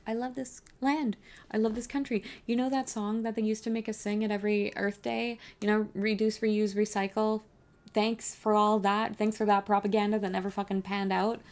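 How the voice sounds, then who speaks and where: A woman talking straight to her stream viewers in a blunt, impassioned rant peppered with swearing. Her voice carries a gravelly vocal fry at an ordinary middle pitch for a woman. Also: darkish tone. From Canada. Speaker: live streamer reacting to a debate. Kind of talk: heated reaction commentary.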